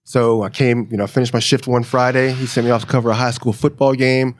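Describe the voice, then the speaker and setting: A man from Virginia, a magazine editor guest, telling stories in a relaxed, animated way and laughing often. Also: medium pitch, fast talker. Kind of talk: casual storytelling in an interview.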